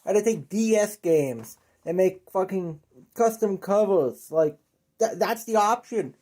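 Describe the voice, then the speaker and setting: A man's voice: high voice, a little slow, warm tone. A man making a comedic video, swearing often and ranting in an exasperated, rambling way that keeps stopping and restarting. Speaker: video creator. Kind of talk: profane comedic rant to camera.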